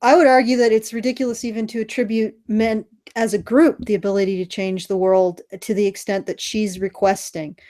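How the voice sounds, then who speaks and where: A woman's voice: mid-range voice, flat delivery, brisk, few pauses, a little mellow. A woman co-hosting a podcast in casual chat, blunt, sarcastic and profane. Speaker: podcast co-host.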